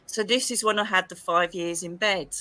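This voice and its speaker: Bright-voiced English woman telling a story. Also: lowish voice, moderate pace, dry recording. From England. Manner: lively, expressive, acts out quoted dialogue. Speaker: psychic medium guest. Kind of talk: animated storytelling in an interview.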